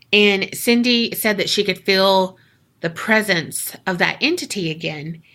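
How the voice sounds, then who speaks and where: Bright-voiced woman telling a story slowly. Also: mid-range voice. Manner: slangy, profane, dramatic retelling. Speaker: podcast co-host. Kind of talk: casual storytelling chat.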